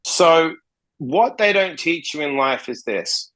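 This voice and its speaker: A man's voice: fairly high pitch, animated, slow pace, pushed and bright, poor audio. Blunt guy from australia telling stories on a podcast, cusses a lot, plays all the parts himself. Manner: blunt, swears freely, acts out quoted dialogue. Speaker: podcast guest, interventionist. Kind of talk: casual interview storytelling.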